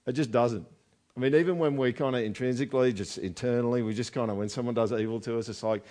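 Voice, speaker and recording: A man's voice: medium pitch, normal speed, pauses often, a little mellow. A man preaching a sermon in a conversational way, often asking the congregation rhetorical questions. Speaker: pastor.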